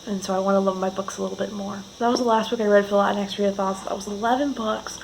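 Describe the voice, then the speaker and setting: A woman chatting through her monthly reading wrap-up in a casual vlog, her pitch sitting mid-range. She gushes with enthusiasm and rambles, restarting sentences as she goes. A faint hum of insects sits behind her. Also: fairly even intonation, racing, vocal fry, poor audio. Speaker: book vlogger. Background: faint cicada noise outdoors.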